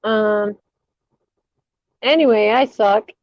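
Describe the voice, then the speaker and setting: A woman's voice: mid-range voice, very slow, dry recording. A woman hosting a casual live stream, giggling and self-deprecating as she chats. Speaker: livestream host. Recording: dull lo-fi stream audio.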